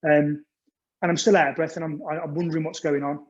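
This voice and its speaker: Higher-voiced man, rambling storyteller. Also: flat delivery, fast talker. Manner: rambling, with frequent restarts and repeated words. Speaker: guest presenter. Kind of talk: storytelling presentation. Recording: muffled lo-fi audio.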